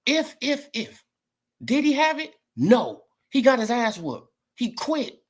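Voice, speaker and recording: A man with a very high-pitched, very animated voice speaks slowly as a boxing commentator vlogger. He rants casually about boxing, mocking and repeating himself, often tossing in "right?" and "you feel what I'm saying."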